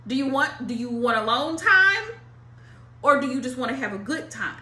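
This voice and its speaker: A woman talks straight to her viewers about tarot with blunt, emphatic repetition, slang and the odd curse word. Her voice sits high and bright. The room gives it a noticeable echo. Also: expressive, normal speed. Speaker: tarot reader. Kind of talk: casual monologue to viewers.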